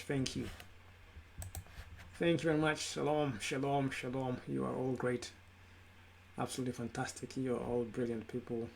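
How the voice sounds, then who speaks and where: A man's voice: medium pitch, gravelly, a little hiss or hum. A man hosting a live stream, thanking his followers at length and stumbling over their names. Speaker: host.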